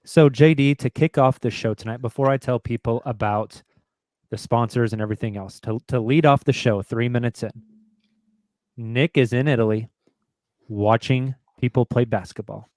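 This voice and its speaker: A man's voice: mid-range voice, steady tone, normal speed, a little mellow, dry recording. A man hosting a sports podcast, chatting casually, joking and reading sponsor spots. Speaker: podcast host. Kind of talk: casual chat.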